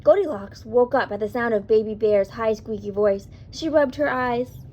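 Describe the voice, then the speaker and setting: A woman reading a picture book aloud to children in an expressive way, pausing to ask the listener questions. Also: fairly high pitch, poor audio.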